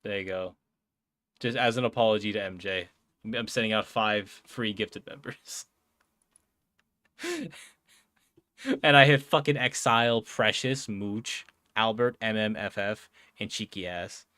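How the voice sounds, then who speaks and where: A man's voice: lowish voice, unhurried, long pauses, bright, forceful tone, dry recording, clean studio sound. A young man chatting casually on a live stream, rambling with lots of fillers, swearing and frequent laughs. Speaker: streamer and podcast host.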